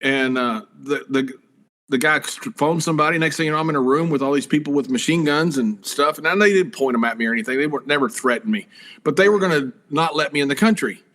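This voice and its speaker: A man telling casual, animated stories in a talk show interview, swearing and acting out the voices of the people in them. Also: on the high side, fast talker. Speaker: guest, former wrestler and commentator. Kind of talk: casual storytelling.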